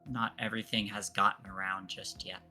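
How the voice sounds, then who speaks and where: A man narrating a tabletop role-play as game master, often halting with fillers and restarts. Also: fairly low pitch, little pitch movement, sharp tone, soft background music. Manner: hesitant, many fillers and restarts.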